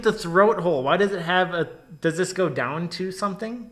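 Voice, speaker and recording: A man co-hosting a reaction video, animated and laughing, with crude jokes. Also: high-pitched, moderate pace. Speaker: co-host.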